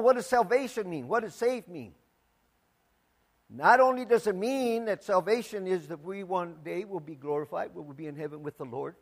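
A pastor with a high voice preaches a sermon emphatically, swinging from loud declarations to hushed asides and repeating words for emphasis.

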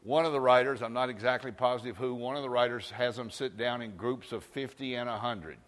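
Folksy preacher in a reverberant hall. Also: male voice, medium pitch, a little fast, a bit bright. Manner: folksy storytelling, asks the crowd for amens. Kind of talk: folksy sermon. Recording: long reverb in a large hall.

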